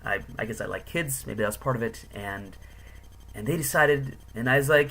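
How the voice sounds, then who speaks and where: A young man telling casual travel stories, rambling with lots of fillers. His voice is bright and sharp. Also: medium pitch, moderate pace. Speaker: travel vlogger. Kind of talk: casual storytelling.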